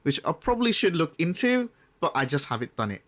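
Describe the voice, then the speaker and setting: With a slightly high, sing-song and fairly bright tone, this man appears as a guest game master on a relaxed podcast. His talk is chatty and full of false starts and tangents, with the odd quick impression thrown in.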